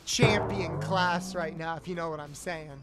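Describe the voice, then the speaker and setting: A young man streaming a video game, chatting casually with viewers, loud and animated with swearing. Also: on the high side, normal speed, over loud music. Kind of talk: casual gameplay livestream chat.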